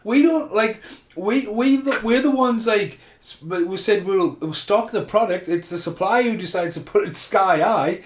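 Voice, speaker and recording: A man's voice: sits high, a little slow, echoey room. A man in a casual podcast chat, hesitant and explaining, laughing often. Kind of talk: casual film commentary chat.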